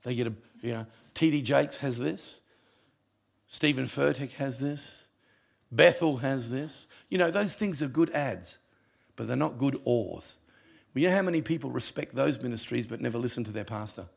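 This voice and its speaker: A male pastor, preaching a sermon with punchy humour and sudden drops to quiet. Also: medium pitch, normal speed, gravelly.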